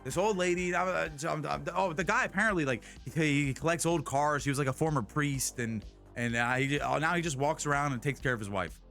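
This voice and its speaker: A man streaming live, telling a rambling, slang-filled story in a casual, animated way. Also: fairly high pitch, fairly quick, vocal fry, soft background music.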